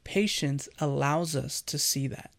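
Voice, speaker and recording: Earnest gravelly man preaching. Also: on the high side, a little slow. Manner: earnest, conversational, addresses listener directly. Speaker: Christian devotional host. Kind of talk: conversational sermon.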